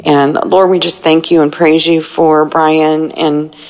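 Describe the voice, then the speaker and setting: A woman in her sixties calling in to a prayer line, earnest and halting as she prays aloud. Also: sits low, little pitch movement, darkish tone, low-quality recording. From United States. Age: 60s. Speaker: caller. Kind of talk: recorded prayer call-in message.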